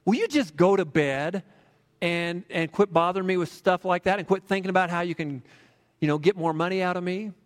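A man acting out a worn-out father who snaps impatiently, his voice pitched up and tight. It rings out with a long reverb, as if in a large hall. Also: moderate pace, lightly acted. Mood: annoyed. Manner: impatient, snappish. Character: tired, annoyed busy father.

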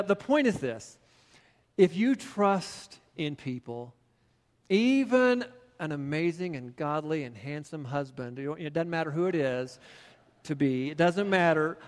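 A man's voice: a little high, long reverb tail. A middle-aged male pastor telling a personal story in a sermon, then building into emphatic preaching.

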